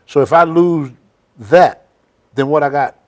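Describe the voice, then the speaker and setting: A man's voice: fairly high pitch, a little slow, a little mellow. An older man hosting a casual interview, telling blunt, rambling stories in a folksy way. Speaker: host. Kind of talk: casual storytelling chat.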